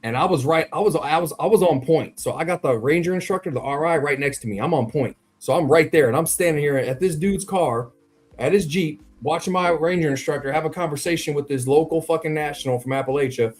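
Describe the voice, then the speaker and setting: A man's voice: fairly high pitch, a little fast. A man telling a spooky story in a loose, profane, slang-heavy casual chat, talking directly to his co-host. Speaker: podcast co-host.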